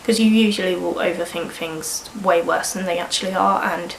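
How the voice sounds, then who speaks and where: A woman's voice: lowish voice, steady tone, moderate pace, gravelly. Girl early 20s with a cold, rambling and swearing, echoey room with faint hum. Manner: rambling, frank, swears casually. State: sniffly with a cold. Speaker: vlogger. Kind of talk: candid personal vlog.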